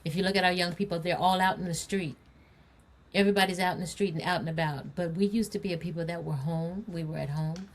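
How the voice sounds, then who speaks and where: A woman on a community podcast panel, speaking earnestly and deliberately and stressing her points again and again. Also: fairly low pitch, fairly even intonation. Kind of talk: casual panel conversation.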